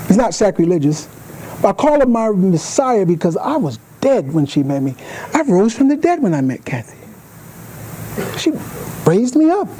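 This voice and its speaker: A man's voice: high voice, normal speed, long pauses, slight background noise, rough recording. A man giving a speech to a club, telling stories and acting out the voices of the people in them. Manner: animated, acts out voices in his stories. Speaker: guest speaker. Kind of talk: storytelling speech. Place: meeting hall.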